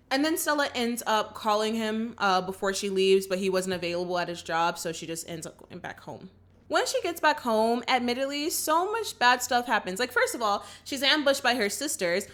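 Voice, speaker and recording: Speaking fairly quickly at a medium pitch, a young woman hosts a casual reaction to a movie. She recaps the story with animation and acts out what the characters say.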